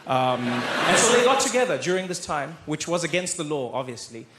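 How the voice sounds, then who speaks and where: A man's voice: fairly high pitch, moderate pace. A man in his thirties with a South African accent telling a stand-up story, acting out the people in it. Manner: animated storytelling, acting out characters with shifting voices. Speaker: stand-up comedian. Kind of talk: stand-up comedy set. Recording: echoey stage with audience noise.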